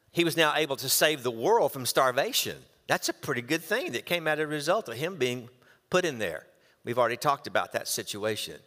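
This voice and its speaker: A pastor preaching a sermon, animated as he reads scripture and acts out the quotes. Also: mid-range voice, big-room sound. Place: church.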